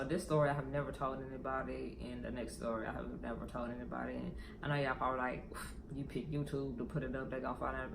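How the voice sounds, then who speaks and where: A man's voice: mid-range voice, vocal fry, noisy background. A man talking candidly in a personal vlog, rambling and swearing as he tells a painful story. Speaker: vlogger.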